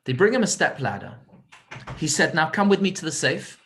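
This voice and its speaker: Animated man telling a dramatic sermon story. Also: a little high, brisk. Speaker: community speaker.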